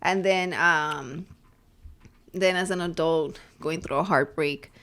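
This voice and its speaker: A woman's voice: low voice, slow pace, a bit bright. A young woman co-hosting a podcast, chatting candidly and mixing in Spanish phrases. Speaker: podcast co-host. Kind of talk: casual chat.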